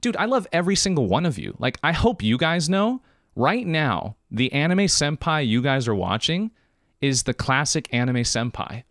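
A man hosts his podcast live, talking in a slightly high, very animated voice. He is emotional and choked up, and he drives his points home by repeating them. The sound is dry and close. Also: moderate pace, no echo. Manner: emphatic, emotional, repeats phrases for emphasis. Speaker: podcast host. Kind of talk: live-streamed podcast monologue.

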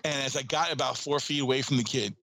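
A man, an archery coach guesting on a podcast, telling stories in animated casual chat and laughing often. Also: medium pitch, quick pace, low-quality recording.

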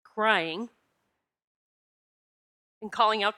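A woman's voice: lowish voice, unhurried, long pauses, bright, forceful tone. A woman hosting a podcast, telling a personal story in a heartfelt, emotional way and sniffling as she holds back tears. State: tearful, sniffling. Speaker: podcast host and spiritual teacher.

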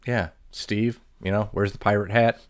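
A man's voice: lowish voice, steady tone, moderate pace. A man co-hosting a podcast in casual chat, laid-back and blunt with his opinions. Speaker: podcast co-host.

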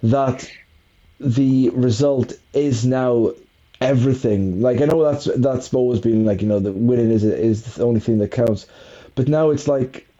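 A man chatting about football in a very dark, mellow voice, rambling and poking fun at himself. The recording is dull and lo-fi, like a home podcast setup. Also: mid-range voice, unhurried. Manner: rambling, self-mocking, often laughing. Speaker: podcast co-host. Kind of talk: casual football chat.

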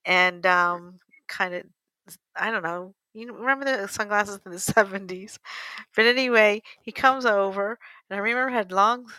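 A woman's voice: medium pitch, moderate pace, sharp tone, dry recording, rough recording. An older woman from the United States telling a personal story in a casual, rambling way, correcting herself and laughing often. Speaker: interviewee.

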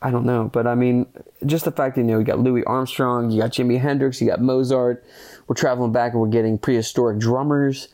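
A man hosting a podcast and reviewing a film in casual solo chat, rambling with lots of fillers, earnest and excitable, swearing casually. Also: medium pitch, fairly quick.

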